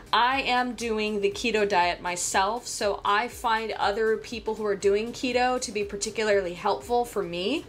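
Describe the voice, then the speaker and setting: A woman's voice: on the high side, a bit bright, a little hiss or hum. A woman hosting her own fitness vlog, chatting casually in an upbeat, gushing way with small restarts. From United States. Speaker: fitness vlogger and channel host.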